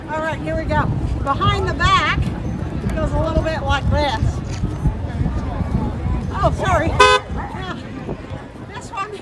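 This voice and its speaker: A street performer playing an overeager, chirpy woman reporter from Canada, chatting with passersby and cheering loudly at an outdoor festival. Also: high voice, slow, pauses often. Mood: cheery. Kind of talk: comic street show banter. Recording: loud crowd and street noise outdoors.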